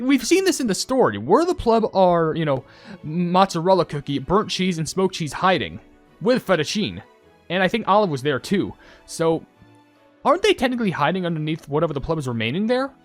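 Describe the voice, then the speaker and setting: Brief: young male YouTuber, lively rambling commentary, slightly raised pitch. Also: no echo. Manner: rambling, self-correcting, excitable. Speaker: YouTuber reacting to game updates. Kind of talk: casual commentary.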